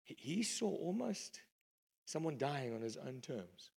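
A man preaching a sermon, emphatic storytelling that swings between loud and hushed. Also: mid-range voice, big pitch swings, a little slow, gravelly, slightly rough.

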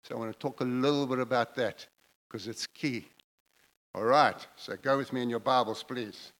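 A man's voice: mid-range voice, steady tone, moderate pace, a bit bright, low-quality recording. A man preaching a sermon, emphatic and repetitive, building his phrases in intensity as he goes.

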